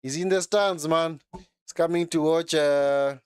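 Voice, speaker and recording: A man's voice: on the high side, steady tone, measured pace, smooth, dry recording, clean studio sound. A man giving casual live football commentary during a watchalong, chatty and reacting as he goes, often tagging sentences with short asides. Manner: chatty, frequent tag words like man and eh.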